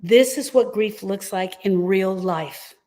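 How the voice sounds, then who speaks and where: A middle-aged woman talks straight to grieving listeners, earnest and emphatic. She leans on repeated phrases to reassure them, and her pitch sits in the middle of the range. The delivery is a heartfelt live talk, not a polished script. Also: slow pace, dark tone. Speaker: grief coach and host.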